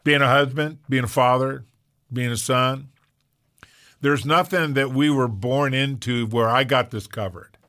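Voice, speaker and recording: A man's voice: medium pitch, measured pace. A man in his sixties hosting a Christian talk show, telling stories with animation and frequent laughter. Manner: animated storyteller, laughs often. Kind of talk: faith-based conversation.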